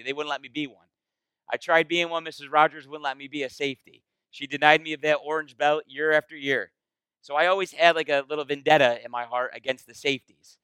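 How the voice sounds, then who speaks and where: A man leading a Bible study as pastor, in a casual, animated, conversational sermon style. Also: fairly high pitch, clean tone, no echo, low-quality recording. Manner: animated, conversational, acts out quoted voices.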